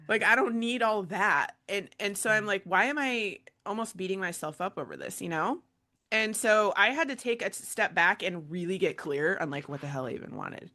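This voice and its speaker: A woman coach leading a panel conversation, telling a personal story in a lively way with lots of fillers. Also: medium pitch. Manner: animated storytelling with many fillers and laughs. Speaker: burnout prevention coach, panel moderator. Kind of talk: casual panel chat.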